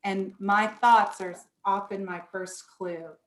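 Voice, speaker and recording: A woman leads a workshop in a slow, deliberate way, explaining ideas step by step. Now and then she acts out everyday thoughts to make her point. Her voice carries a noticeable room echo. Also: medium pitch, steady tone. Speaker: presenter. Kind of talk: online workshop talk. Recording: echoey room.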